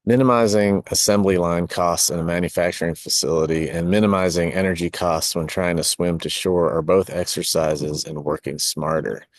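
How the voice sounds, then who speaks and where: A middle-aged man with a notably deep, low voice reads his own reflective essay, breaking off now and then for asides and small corrections. The recording is close and dry, with no room sound. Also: steady tone, normal speed, few pauses, no echo. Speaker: podcast host and design course teacher.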